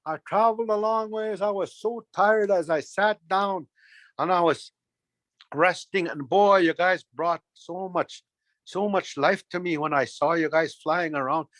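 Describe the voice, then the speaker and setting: A man voicing a sly, flattering male trickster who sweet-talks with a raised, drawn-out voice. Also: high voice, no echo. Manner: pleading, sweet-talking.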